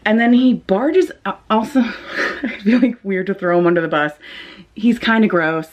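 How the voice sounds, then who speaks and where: A young woman vlogging a storytime, animated and rattled, swearing freely and filling her talk with "like" and "um". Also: medium pitch, moderate pace. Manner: animated, swearing, lots of fillers. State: shaken. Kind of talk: casual storytime vlog.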